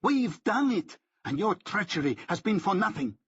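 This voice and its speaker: A man's voice: high-pitched, sing-song, measured pace, pushed and bright, slightly rough, highs cut off, voice pushed up, heavily acted. Man doing a screaming, hateful young rebel. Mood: screaming hysterical. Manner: screaming, near-hysterical.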